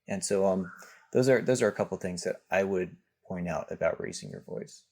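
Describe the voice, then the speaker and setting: A man with a fairly low voice speaks as a guest on a podcast. He explains his points conversationally, often repeating words and restarting his sentences as he thinks aloud. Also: brisk, darkish tone. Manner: hesitant, many restarts and fillers.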